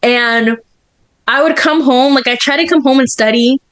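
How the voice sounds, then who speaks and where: A woman in her twenties, a student guest on a casual podcast, telling stories in an animated way, acting out her own reactions and laughing often. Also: high-pitched, moderate pace.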